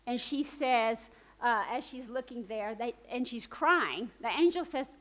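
A woman preacher retelling a story in a sermon, swinging from urgent, animated telling to hushed, soft emphasis. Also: a little high, measured pace, low-quality recording.

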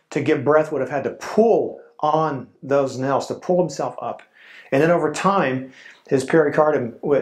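Solemn preaching man, medium pitch. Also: darkish tone. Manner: slow, solemn preaching with dramatic pauses. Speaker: pastor. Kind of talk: sermon.

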